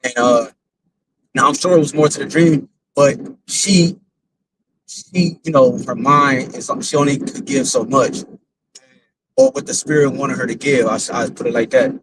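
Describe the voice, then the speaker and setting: A man's voice: mid-range voice, normal speed, long pauses, a crowd in the background, low-quality recording. A man, a father, telling a religious testimony in a casual, rambling, slangy way, repeating himself as he goes. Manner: rambling, repetitive, slangy storytelling.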